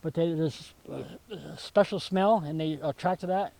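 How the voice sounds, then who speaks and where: An older man giving a casual outdoor tour of his rural property, telling stories in a folksy, halting way with many fillers. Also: on the high side, gravelly, mellow, no room sound, rough recording. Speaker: vegetable stand owner. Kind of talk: casual chat on a walking tour.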